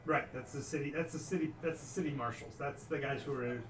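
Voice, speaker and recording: A man's voice: fairly high pitch, a little fast. A man running a tabletop game as game master, describing scenes with frequent restarts. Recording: echoey room, far from mic, noisy.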